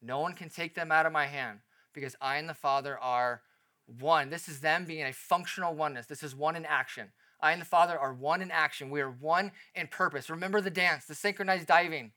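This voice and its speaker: Male pastor, fairly high, bright voice; emphatic sermon delivery full of rhetorical questions. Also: a little fast.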